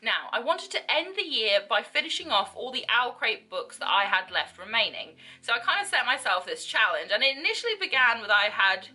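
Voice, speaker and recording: A woman's voice: fairly high pitch, sing-song, a little fast, hardly any pauses, bright, forceful tone. A young woman chatting casually and enthusiastically about books she read, with frequent fillers. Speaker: book vlogger. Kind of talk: casual reading wrap-up chat.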